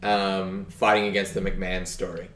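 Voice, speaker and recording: A man's voice: sits low, flat delivery, moderate pace, fairly bright tone, reverberant. A man co-hosting a podcast, rambling through a casual wrestling recap with lots of fillers and real enthusiasm. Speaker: podcast co-host.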